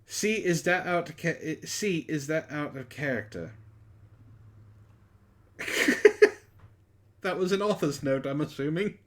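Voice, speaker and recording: A man's voice: fairly high pitch, lively intonation, slow pace, long pauses. A man reading a story aloud for laughs, with sarcastic asides between lines. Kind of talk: mocking comedic dramatic reading.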